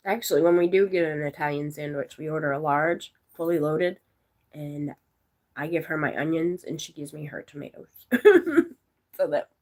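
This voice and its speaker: A woman's voice: low-pitched, unhurried, long pauses, darkish tone. A giggly, silly woman chatting casually with her viewers, rambling and laughing often. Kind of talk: casual live chat.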